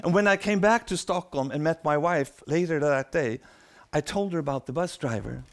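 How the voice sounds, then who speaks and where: Middle-aged man, animated storyteller who acts out quotes, voice a bit high. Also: moderate pace. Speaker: speaker. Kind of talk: storytelling talk.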